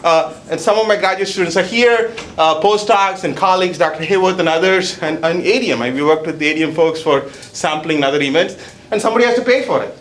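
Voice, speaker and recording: A man's voice: fairly high pitch, steady tone, a little fast, hardly any pauses, fairly bright tone, echoey room. A man presenting research at a seminar, chatty and joking, with an accent, often adding "okay?". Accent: non-native accent. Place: seminar hall.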